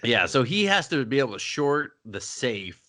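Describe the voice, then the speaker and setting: Male co-host, bright lively voice, jokey movie-review banter with impressions. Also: medium pitch. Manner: animated, jokey, quick voice impressions. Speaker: podcast co-host.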